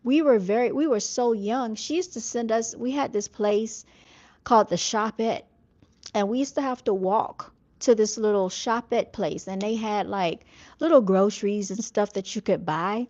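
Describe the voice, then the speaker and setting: A woman's voice: medium pitch, normal speed, a little mellow, muffled recording. A woman vlogger casually telling stories from her childhood, chatty and full of fillers. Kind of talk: casual storytelling.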